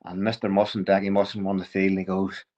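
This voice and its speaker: A man tells a story as a podcast guest, chuckling as he goes and often stopping to restart a sentence. His voice sits fairly low. The recording sounds a little muffled. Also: fast talker. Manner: lively anecdotal, chuckles often, frequent restarts. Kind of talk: casual storytelling.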